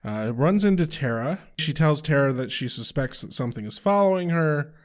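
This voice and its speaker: Brief: male co-host, expressive swooping delivery, casually profane. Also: on the high side, normal speed. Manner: loose and profane, recaps scenes. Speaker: podcast co-host. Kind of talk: casual chat.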